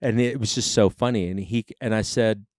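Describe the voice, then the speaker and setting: Man in his forties, lively storyteller. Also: fairly low pitch, a little fast, dry recording, clean studio sound. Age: 40s. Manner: animated, swearing, acts out quotes. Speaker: podcast host. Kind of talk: casual chat, storytelling.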